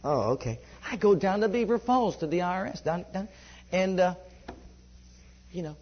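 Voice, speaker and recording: A man preaching in a conversational storytelling way, animated and laughing often as he gives a testimony. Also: high-pitched, moderate pace, breathy edge. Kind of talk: sermon storytelling. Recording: dull lo-fi recording.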